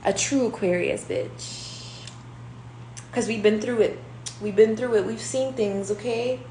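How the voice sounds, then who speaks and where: A woman's voice: fairly high pitch, steady tone, normal speed, dark tone. A brash young woman reading tarot cards in a loose, rambling rant, swearing and calling people out as she goes. She is recorded in a roomy, echoey space with a faint hum underneath. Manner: profane and confrontational, rambling. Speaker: tarot reader.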